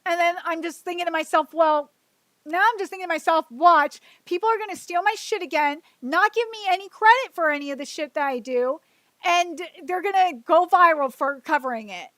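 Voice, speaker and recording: A woman's voice: extremely high pitch, fairly quick, fairly bright tone, no echo. A woman streaming alone, venting emotionally and with frustration, repeating herself and swearing. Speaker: streamer hosting her own show. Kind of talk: solo livestream venting.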